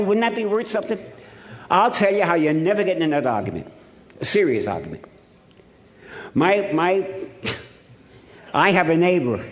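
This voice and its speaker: A man in his seventies from Ohio, giving a humorous, blunt, earthy recovery talk as a speaker at a meeting in a hotel ballroom. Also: a little high. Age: 70s.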